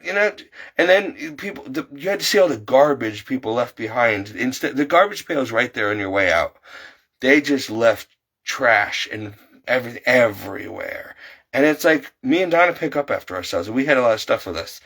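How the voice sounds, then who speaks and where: A man's voice: animated, normal speed, a bit bright, low-quality recording. Exasperated man ranting. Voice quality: exasperated, complaining, voice climbing high when upset. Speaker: vlogger. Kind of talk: casual ranting monologue.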